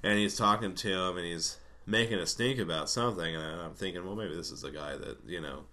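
Low-voiced guy rambling through a story, swears a lot, bright edgy tone. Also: a little fast. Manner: rambling, swears often, laughs between lines. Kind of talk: casual storytelling.

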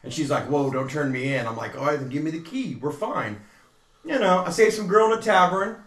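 A man's voice: on the high side, lively intonation, fairly quick, fairly bright tone, roomy sound. A man casually telling stories among friends, acting out quotes in changing voices. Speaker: podcast co-host. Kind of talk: casual storytelling chat.

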